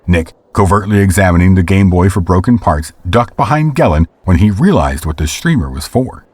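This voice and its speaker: Deep-voiced male story narrator. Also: lively intonation, moderate pace, darkish tone, slightly rough, dry recording. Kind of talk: scripted audio drama narration.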